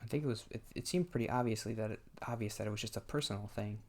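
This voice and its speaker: A man thinks aloud while he plays a game on a desk mic. His voice sits fairly low and has a gravelly fry. He talks haltingly and often circles back to restart a thought. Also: a little mellow. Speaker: gameplay commentator. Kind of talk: casual talk while playing a game.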